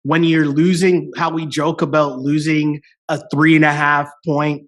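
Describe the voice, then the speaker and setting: High-voiced, animated male podcaster. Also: measured pace. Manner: animated and chatty, peppered with "like" and "right?". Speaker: sports betting podcast co-host. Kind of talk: casual podcast chat.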